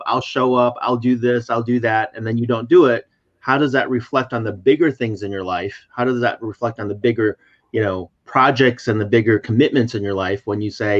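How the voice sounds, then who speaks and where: A man's voice: mid-range voice, fairly even intonation, fast talker. A man hosting a casual chat, summarizing and clarifying points in a teacherly way. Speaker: host. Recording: slightly dull lo-fi audio.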